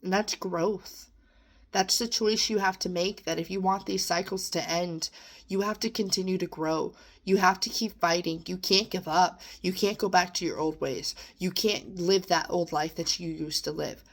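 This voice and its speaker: A young woman with a lowish voice and fairly even intonation speaks at normal speed in a personal vlog. She reflects earnestly and emotionally, encouraging herself and her listeners, at times close to tears.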